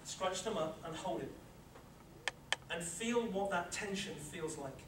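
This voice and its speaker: A man's voice: high voice, expressive, a little slow. A man giving a live workshop talk on handling anxiety, leading the room through a guided relaxation exercise, repeating his instructions and checking that they follow. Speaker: sports psychology presenter. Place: lecture room with a live audience. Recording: echoey room, far from the mic, loud noise.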